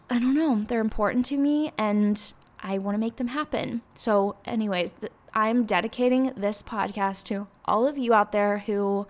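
A young woman hosting her own podcast, talking in a rambling, emotional way with many filler words. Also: mid-range voice. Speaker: podcast host. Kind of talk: casual solo podcast monologue.

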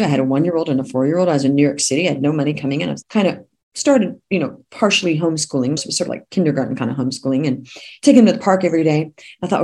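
A woman business coach, a podcast guest, telling her story in an emphatic, animated way. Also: sits low, very fast, breathy edge. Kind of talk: podcast interview.

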